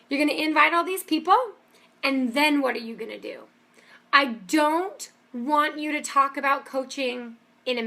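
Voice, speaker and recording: A woman's voice: high-pitched, gravelly, bright, forceful tone. A woman giving an upbeat, emphatic motivational training talk as a business coach. She keeps checking in with her listeners with "okay?".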